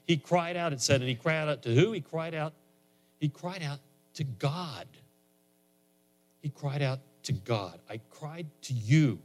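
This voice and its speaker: A man preaching a sermon in a conversational way, his voice rising higher and louder on emphatic lines. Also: expressive, a little slow, long pauses. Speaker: pastor.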